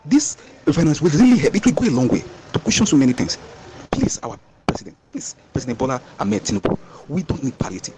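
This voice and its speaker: Rapid pleading Nigerian caller. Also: male voice, mid-range voice, wildly swooping pitch, background noise. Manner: pleading, repetitive. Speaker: radio caller. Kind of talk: pleading call-in.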